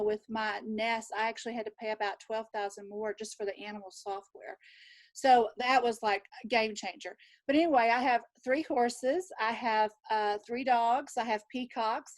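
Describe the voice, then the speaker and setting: A woman in her sixties with a Southern US drawl, chatting lively about her life as a panel guest on a video call. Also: on the high side, dry recording. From Texas. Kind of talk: casual storytelling on a video call.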